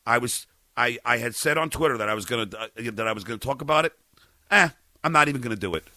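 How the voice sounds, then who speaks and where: A man's voice: medium pitch, quick pace, no room sound. A middle-aged man hosting a podcast, ranting angrily with stammers and swearing. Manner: stammering, furious, profane, shouting at times. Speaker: podcast host. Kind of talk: angry on-air rant.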